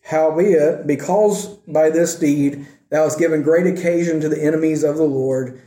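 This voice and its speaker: A man's voice: on the high side, fairly even intonation, mellow, echoey room, low-quality recording. A man teaching a Bible lesson, reading scripture aloud and then explaining it in a conversational way, checking in with his listeners. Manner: reads scripture slowly, then explains conversationally with asides like "okay?".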